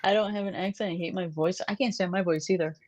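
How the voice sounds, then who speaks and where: A woman's voice: lowish voice, fairly even intonation, quick pace, a little mellow, no room sound, highs cut off. A woman with a New York accent hosting a casual chat, brash and laughing often. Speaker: host. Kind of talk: casual chat on a live stream.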